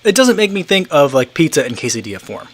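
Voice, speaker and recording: A man's voice: a little high, sing-song, fast talker, a bit bright, a little hiss or hum. A man in his thirties hosting a casual livestream, chatting loosely and reading viewer comments, rambling with many fillers and restarts. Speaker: livestream host.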